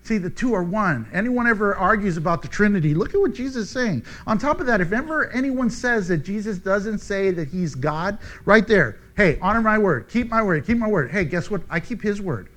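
A man teaching a sermon verse by verse, animated and joking, acting out the quoted speech. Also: sits high, a little fast, hardly any pauses. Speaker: preacher.

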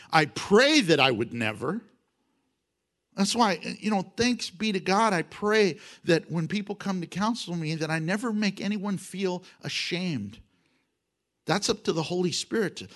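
A middle-aged man preaching a sermon as pastor, animated, acting out quotes and laughing between points. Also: sits high.

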